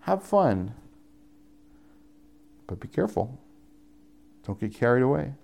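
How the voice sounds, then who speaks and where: This young pastor's sermon sounds casual and chatty, carried by a gravelly, fry-heavy voice with a sing-song lilt. He takes his time and stays a little mellow, though he repeatedly climbs into higher, more emphatic pleas and then eases off.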